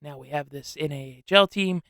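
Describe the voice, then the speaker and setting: A young man hosting a casual solo sports podcast, rambling and excitable with lots of slang. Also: on the high side, moderate pace, no room sound, studio quality. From upstate New York. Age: young adult.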